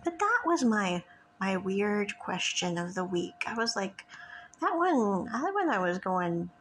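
A woman's voice: mid-range voice, big pitch swings, unhurried, a bit bright, a little hiss or hum, rough recording. A woman hosting her podcast, telling a story from her teaching work and acting out both sides of the conversation. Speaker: podcast host and ESL teacher. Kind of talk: casual monologue podcast.

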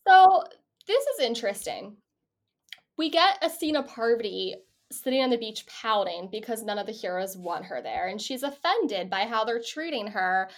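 A woman's voice: on the high side, lively intonation, normal speed. A woman co-hosting a podcast, chatting casually and animatedly, often laughing and swearing offhand. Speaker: podcast co-host. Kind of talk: casual chat recapping a reality show.

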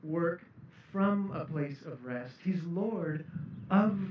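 A man's voice: fairly high pitch, animated, slow, slight background noise. A man preaching a sermon, earnest and building to emphatic peaks. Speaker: pastor. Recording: echoey room, distant mic, dull sound.

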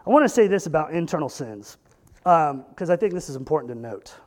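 A pastor preaching a conversational sermon, animated, with rhetorical questions and joking asides. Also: male voice, fairly high pitch, fairly quick.

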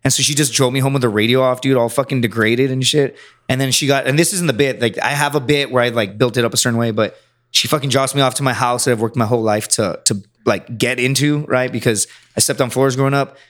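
A man's voice: medium pitch, fairly even intonation, quick pace, fairly bright tone. A man, a stand-up comedian and podcast guest, telling rambling, profane stories in casual chat and acting out the lines of other people. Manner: rambling, profane, acts out quotes.

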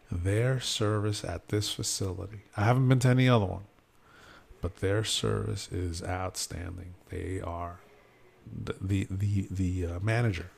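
A man with a low, gravelly voice chats casually on a podcast. He tells his story animatedly, filling it with "uh"s and acting out what everyone said. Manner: animated storyteller, acts out quotes, many fillers. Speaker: podcast host. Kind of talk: casual chat.

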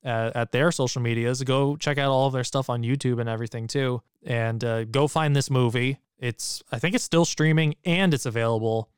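A man's voice: medium pitch, steady tone, normal speed, hardly any pauses, smooth, dry recording, clean studio sound. Laid-back joking male podcast co-host. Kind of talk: casual chat.

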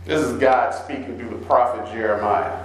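A male pastor preaching a sermon, swinging between slow low scripture readings and raised, urgent questions. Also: steady tone, roomy sound, rough recording. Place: church.

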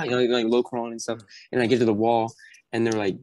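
Speaking fast in a mid-range voice, this young podcast guest tells casual stories animatedly. He acts out the characters, such as drill instructors, as he goes.

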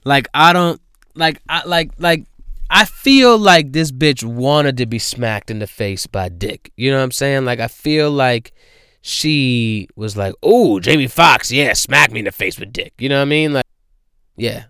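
A man hosting a casual solo podcast, recording inside his car and ranting loudly and profanely in disbelief. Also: mid-range voice, measured pace, clean tone, no room sound, clean studio sound. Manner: loud, profane, incredulous ranting. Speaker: podcast host.

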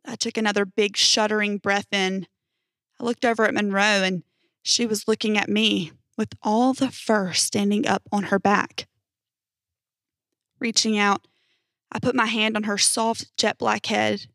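A woman's voice: medium pitch, a little slow, dry recording, clean studio sound. Young woman narrating a horror story. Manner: even storytelling, hesitant um in sign-off. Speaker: podcast host and story narrator.

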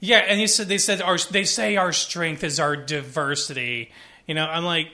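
A man co-hosting a casual chat, excitable and swearing freely as he riffs. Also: fairly high pitch, moderate pace. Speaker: podcast co-host.

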